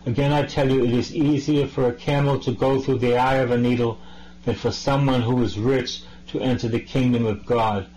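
A man reads scripture aloud during a sermon, then explains it conversationally, with a few false starts. His voice is medium-pitched and darkish, with fairly even intonation and normal speed, and the recording quality is low.

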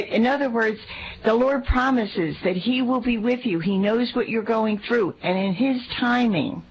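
A woman's voice: mid-range voice, gravelly, highs cut off. A woman sharing an earnest faith reflection with a priest, often repeating and restarting her words. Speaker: lay speaker in talk with a priest.

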